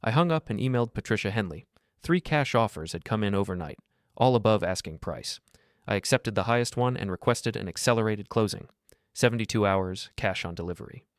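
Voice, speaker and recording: Calm, cold, low-voiced male narrator. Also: fairly quick, smooth, dry recording, studio quality. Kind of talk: scripted first-person narration.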